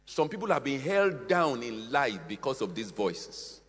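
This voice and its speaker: A male preacher with a bright, slightly husky voice, his pitch leaping up and down as he drives home each point. He repeats phrases for emphasis and swings from hushed lines to loud ones, all ringing in a hall with a long reverb. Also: big pitch swings, unhurried. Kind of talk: sermon.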